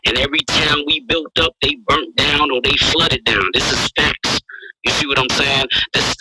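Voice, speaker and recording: A man with a New York accent, speaking forcefully in a heated call-in room, checking in often with "you dig what I'm saying.". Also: fairly high pitch. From Brooklyn, New York. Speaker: guest speaker. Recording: heavy noise over the line.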